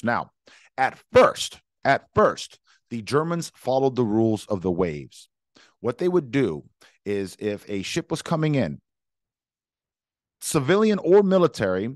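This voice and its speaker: A man's voice: medium pitch, no room sound, clean studio sound. A young man giving an emphatic history lecture, repeating words and speaking for both sides in first person. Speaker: history teacher.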